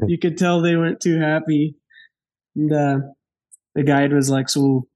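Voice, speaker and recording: A man from Wyoming tells a hunting story in a loose, lively way, laughing often and voicing the people he met. His voice sits a little higher than most men's. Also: measured pace. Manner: animated, laughing, acts out dialogue. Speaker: podcast guest. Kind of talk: casual storytelling.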